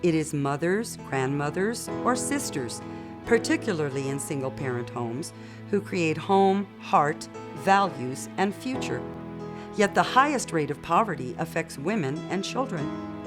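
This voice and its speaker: Woman narrator, lowish voice, steady and persuasive, guitar music under her. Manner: measured, persuasive. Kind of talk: scripted documentary narration.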